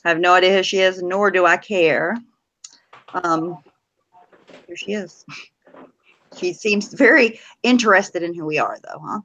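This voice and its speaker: A woman's voice: fairly low pitch, a little slow, long pauses, fairly bright tone, muffled recording. A woman co-hosting a casual live-stream chat, blunt and profane, teasing with laughter.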